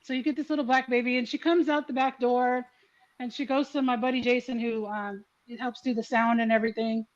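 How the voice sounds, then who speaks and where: Brief: middle-aged woman host, raised pitch, lively, salty anecdotes, somewhat dull recording. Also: brisk. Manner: lively storyteller, swears freely. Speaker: podcast host. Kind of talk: casual chat.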